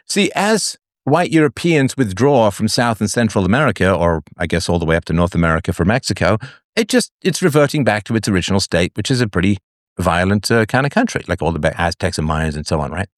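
A man's voice: fairly low pitch, sing-song, a little fast, no room sound, clean studio sound. A man from England hosting a call-in show, talking casually with many fillers and restarts.

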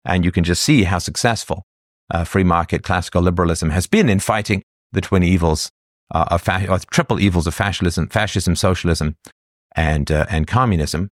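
Low-voiced male commentator, dry close sound, lecturing with rhetorical questions. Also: moderate pace, no room sound. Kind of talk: solo political monologue.

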